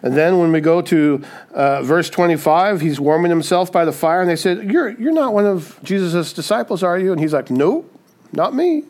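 Male pastor, sermon delivery, slightly raised pitch, conversational with acted quotes. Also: normal speed, a little mellow. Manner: acts out quoted voices, frequent "right?".

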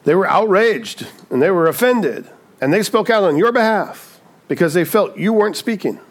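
Pastor, male, slightly high voice, chatty preaching with rhetorical tags. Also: lively intonation, normal speed. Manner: acts out quoted voices. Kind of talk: sermon.

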